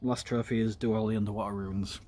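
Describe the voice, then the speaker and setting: A man's voice: on the low side, level tone, quick pace, mellow. A man casually talking viewers through a paracord weave while working, rambling with lots of ums and side chat about games. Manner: rambling, filler-heavy, talks while working with his hands. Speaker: streamer. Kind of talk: casual craft tutorial chat.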